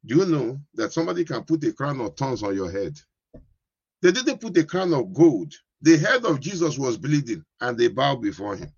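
A man's voice: medium pitch, sing-song, normal speed, vocal fry, slightly rough, dry recording, highs cut off. A man preaching a sermon as a pastor, repeating himself and often asking the congregation if they understand. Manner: repetitive, keeps asking "you understand?".

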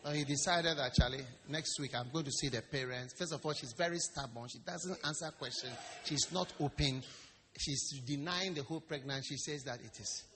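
A man preaching a sermon in a lively, storytelling way, acting out quotes and jokes. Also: on the high side, moderate pace, noisy background. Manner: animated, storytelling with acted quotes and stammering imitations. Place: church service hall. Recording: long reverb of a large hall.

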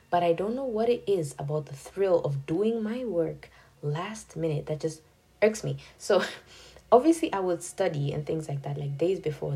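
A young woman with a husky, somewhat low voice hosts her own casual podcast. She speaks candidly and chattily, like she's confessing to friends. Soft background music plays faintly beneath her. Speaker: podcast host. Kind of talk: casual solo podcast talk.

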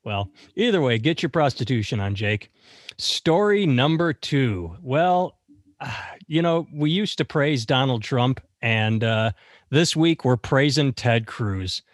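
A man's voice: lively intonation, slow, no echo, studio quality. A man co-hosting a casual comedic news podcast, sarcastic and crude, his voice jumping up when he mocks. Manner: sarcastic, swings high when mocking. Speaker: podcast co-host.

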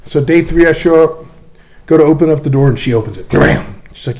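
A young man co-hosting a podcast, telling a profane, animated story in casual chat. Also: medium pitch, fast. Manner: animated, profane, acts out quotes. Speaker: podcast co-host.

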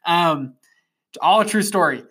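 Bright-voiced young man telling a story. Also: high voice, a little slow, husky. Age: 20s. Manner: animated, rambling with fillers and restarts. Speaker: podcast host. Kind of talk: casual motivational storytelling monologue.

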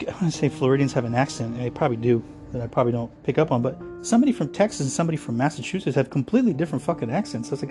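A man's voice: medium pitch, lively intonation, very fast, hardly any pauses, warm tone, faint music behind. A man from Virginia hosting a solo podcast, ranting in a heated, sarcastic, profane way. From United States (Virginia). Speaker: podcast host.

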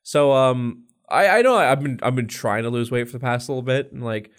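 A man's voice: mid-range voice, normal speed. A young man co-hosting a podcast, telling loose stories in casual chat, swearing often and laughing along as he goes. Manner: swears constantly, laughs through his own stories. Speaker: podcast co-host.

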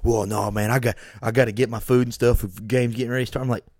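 A podcast co-host with a medium-pitched voice tells a story in casual chat, racing along. He's profane and animated, often acting out snippets of dialogue, and the sound is dry and close with no room echo.

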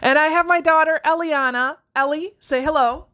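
Upbeat mom host, middle-aged, kinda high voice, laughs a lot. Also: female voice, normal speed, sharp tone. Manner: cheerful, encouraging, laughs often. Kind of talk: casual upbeat video intro.

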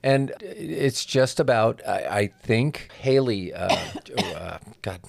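A middle-aged man co-hosting a casual business podcast, musing aloud in a halting way with many restarts. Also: medium pitch, lively intonation, gravelly, no echo. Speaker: podcast co-host.

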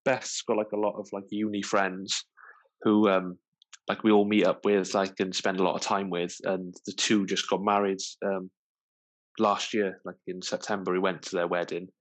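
A man's voice: low-pitched, flat delivery, moderate pace. A man co-hosting a podcast in casual chat, easygoing and full of fillers. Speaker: podcast co-host.

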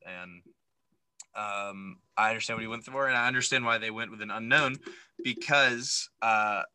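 A man's voice: fairly low pitch, smooth, no echo, rough recording. A man co-hosting a podcast, recapping a movie in casual, opinionated chat full of fillers. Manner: opinionated, animated, lots of fillers. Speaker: podcast co-host.

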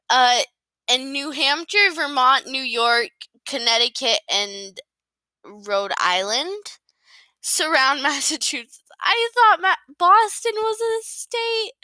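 A woman rambles through a recap of a novel, giggling and apologizing to her listeners. Her voice is fairly high and bright and her pace is unhurried. It is recorded close and dry, with no room sound at all. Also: dry recording. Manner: giggly, self-deprecating, apologetic. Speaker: podcast host recapping a novel. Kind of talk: casual rambling book recap.

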